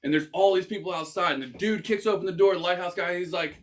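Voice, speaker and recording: A man's voice: high-pitched, fast talker. A young man hosting a casual podcast, telling a story with lots of swearing and acted-out quotes. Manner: animated, swears, acts out quoted voices. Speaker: podcast host.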